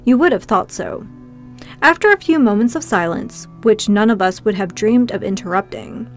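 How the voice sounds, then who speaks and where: A woman's voice: mid-range voice, lively intonation, normal speed, faint music behind. Woman narrating a classic audiobook. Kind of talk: first-person scripted narration.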